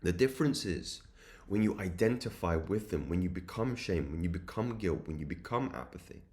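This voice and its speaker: Deep-voiced man preaching self-improvement. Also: lively intonation, normal speed, darkish tone. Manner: earnest, repetitive, preachy cadence. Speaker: self-improvement channel host. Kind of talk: spiritual motivational monologue.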